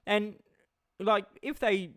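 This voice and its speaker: An Australian live streamer delivers an angry rant on his stream, swearing and stammering as he repeats himself. His voice is high and a bit bright, and he takes it slowly. The audio is clean studio sound with no room echo.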